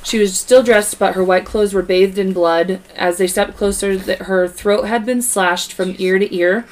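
A woman's voice: mid-range voice, steady tone, measured pace. A woman co-hosting a podcast, reading a true crime case aloud in a casual way, stumbling over words and adding asides. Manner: reads from notes with stumbles and asides.

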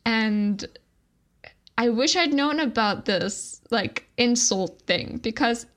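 Chatty young woman with a higher voice. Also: expressive, slow pace. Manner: chatty, fills speech with "like". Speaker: podcast co-host. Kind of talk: casual storytelling chat.

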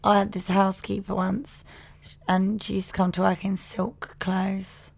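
A woman's voice: medium pitch, completely flat delivery, moderate pace, gravelly, husky. A woman co-hosting a podcast, talking bluntly and swearing in casual chat. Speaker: podcast co-host.

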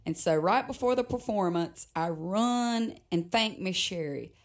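A woman with a fairly low speaking voice recounts a memory from her performing career. She talks in a reflective, conversational way and breaks into light laughter now and then. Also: animated, measured pace. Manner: reflective, laughs often between sentences. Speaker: guest performer, musician. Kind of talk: personal storytelling in conversation.

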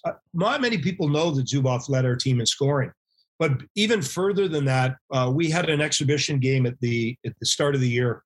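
A middle-aged man, a former hockey goalie, telling animated anecdotes as a podcast guest and acting out quoted voices. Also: medium pitch. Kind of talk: casual storytelling interview.

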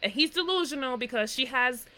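Animated woman recapping a reality show. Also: high-pitched, a little fast, poor audio. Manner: animated storytelling, acts out quotes. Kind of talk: casual chat.

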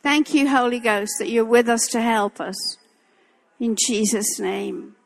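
A woman's voice: on the high side, measured pace, creaky, big-room sound. An older woman preaching a sermon in a church, impassioned and emphatic, repeating her phrases for weight.

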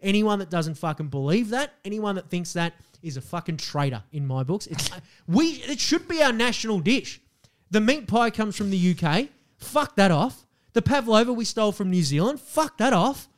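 Young Aussie guy, high voice, heated sweary rant on a podcast. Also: big pitch swings, moderate pace. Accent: Australian. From Australia. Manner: heated ranting, heavy swearing. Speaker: podcast co-host. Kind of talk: casual chat.

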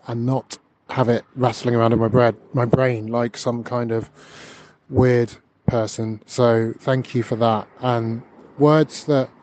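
A man's voice: medium pitch, background noise. A man leaving a reflective, rambling phone message while walking outdoors to work. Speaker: caller.

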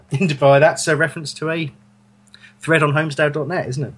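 A man's voice: fairly high pitch, fairly even intonation, a little fast, a bit bright, breathy edge. A man hosting a casual football fan podcast, rambling and correcting himself as he goes. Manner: rambling, self-correcting, chuckling. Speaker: podcast host.

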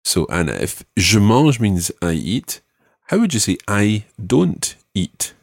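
A male language teacher leading a spoken lesson, patiently modelling words slowly and clearly. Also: low-pitched, wildly swooping pitch, no room sound, clean studio sound.

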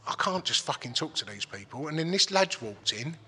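A man's voice: a little high, very animated, fairly quick, bright, forceful tone, slightly rough, long reverb tail. A middle-aged man from England, telling a long story in blunt, sweary, rambling casual talk. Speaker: guest.

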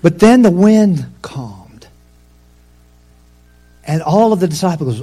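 A man preaching a sermon in a conversational, storytelling way, with asides to the congregation, rising in pitch and force to stress a point. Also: expressive, slow, pauses often, warm tone, faint music behind. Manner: rises in pitch and force for emphasis.

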